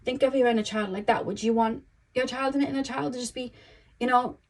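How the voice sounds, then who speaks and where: A woman's voice: on the high side, fairly even intonation, brisk. A young woman giving a casual tarot reading, chatty and rambling, full of "you know" and "um". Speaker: tarot reader.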